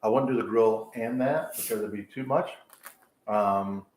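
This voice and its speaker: A man's voice: fairly low pitch, measured pace, darkish tone. A man from Georgia with a Southern accent, chatting casually and telling jokes while hosting a live home tour. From Georgia, USA. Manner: chatty, joking storyteller. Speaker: real estate agent hosting a live tour. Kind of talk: casual live-stream chat. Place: inside a house on tour. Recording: echoey room with faint noise.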